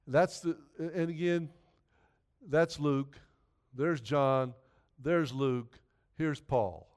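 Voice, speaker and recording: Smooth-voiced man preaching earnestly. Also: a little high, drawn-out words, a little mellow. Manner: earnest, repetitive, conversational preaching. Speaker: pastor. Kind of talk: sermon.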